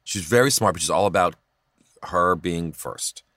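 A middle-aged male comedian chatting as a podcast guest, telling animated, laughing stories about his young kids. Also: low voice, normal speed, dry recording, clean studio sound. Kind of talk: casual podcast chat, storytelling.

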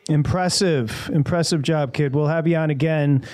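A man's voice: a little high, steady tone, moderate pace, a little mellow. A man co-hosting a sports betting show, from Michigan, wrapping up a segment with teasing banter. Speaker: podcast co-host. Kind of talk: casual sports talk.

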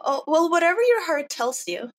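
A woman's voice: extremely high pitch, sing-song, normal speed. A woman hosting a casual podcast chat in a playful, teasing way. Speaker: podcast host.

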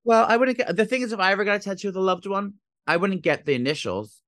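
Fast-talking rambling New Jersey man. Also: high voice, a bit bright, no echo. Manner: fast, rambling, swearing, acts out voices in stories. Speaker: podcast co-host. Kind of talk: casual chat.

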